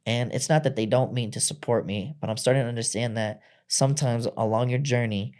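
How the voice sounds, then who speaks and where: A man's voice: medium pitch, fairly even intonation, a little fast, few pauses, darkish tone. A man on a podcast as a guest, telling his own story candidly in blunt, profane everyday speech. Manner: blunt and profane, acts out quoted voices.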